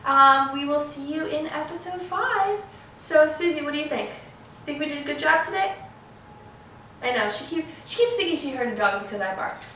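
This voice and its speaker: A woman with a high, bright voice talks slowly through a casual dog-training tutorial. She calls short commands to her dog patiently. She is recorded from a distance in a very echoey room, with faint dog sounds in the background. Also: lively intonation, slight background noise. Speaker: dog trainer and channel host.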